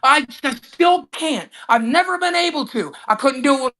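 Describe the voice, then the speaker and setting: A man's voice: extremely high pitch, expressive, normal speed, pushed and bright. A man in his fifties venting angrily and profanely on a live stream, hard on himself. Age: 50s. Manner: angry, profane, self-critical venting. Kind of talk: heated live-stream argument.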